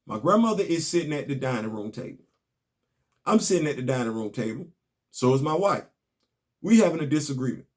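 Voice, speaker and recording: A man's voice: medium pitch, brisk, pauses often. A man, casually recapping a comic book and telling stories on his podcast. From Southern US. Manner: animated, storytelling, rising to emphatic outbursts.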